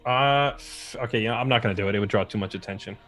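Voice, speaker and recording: A man's voice: on the low side, fast, a bit bright, soft background music. Hesitant man playing a tabletop game. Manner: hesitant, thinking aloud. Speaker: player.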